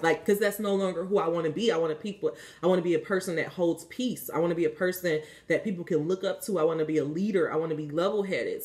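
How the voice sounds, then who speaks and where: A woman giving a casual spiritual card reading, talking candidly and coaching the listener, with frequent fillers and some swearing. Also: on the low side. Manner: chatty and candid, swears freely, many "like" fillers; coaching, asks the listener if they understand. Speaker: spiritual reader.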